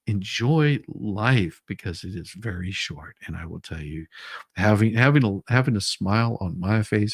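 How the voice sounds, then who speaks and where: A man hosts a casual livestream in a slow, low, gravelly voice, greeting viewers and chuckling as he talks. His tone is husky, and he often repeats words as he restarts. The sound is dry and close. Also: dry recording. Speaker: livestream host reading chat.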